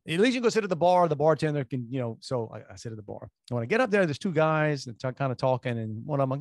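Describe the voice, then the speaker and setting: A man's voice: medium pitch, quick pace, hardly any pauses, no room sound. Guy rambling through an airport story, dry close mic, lots of restarts. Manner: rambling, animated anecdotes with restarts. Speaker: radio show co-host. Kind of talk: casual storytelling chat.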